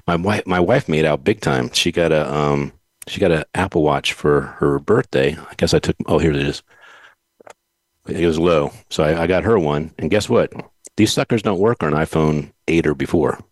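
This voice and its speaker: A man's voice: a bass voice, normal speed, dry recording. A man hosting a podcast, chatting casually and telling rambling stories with frequent laughs. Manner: rambling storyteller, laughs often. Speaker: podcast host. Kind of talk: casual chat.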